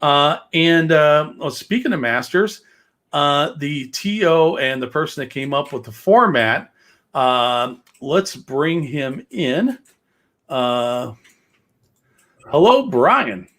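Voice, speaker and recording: A man's voice: a little high, expressive, slow, a bit bright. A man hosting a casual livestream, rambling with many fillers and jokes. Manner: rambling, filler-heavy, joking. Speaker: host of a livestreamed gaming show.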